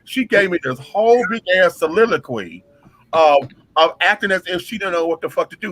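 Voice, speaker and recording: Loud sassy guy spilling backstage drama, bright tense voice, cussing a lot. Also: sits high, animated, brisk, low-quality recording. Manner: brash, profane, dramatic storyteller. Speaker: drag performer telling a story. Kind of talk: casual storytelling chat.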